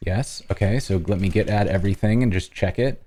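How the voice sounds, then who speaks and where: A man hosting a live-coding stream, casually talking through each step as he works, with halting restarts. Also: lowish voice, warm tone.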